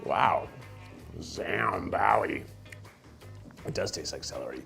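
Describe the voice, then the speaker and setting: A man's voice: low-pitched, animated, vocal fry, sharp tone, soft background music. A man hosting a casual food-tasting chat, joking and rambling and laughing easily between bites. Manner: jokey, rambling, quick to laugh. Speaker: host. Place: studio set with food conveyor belt.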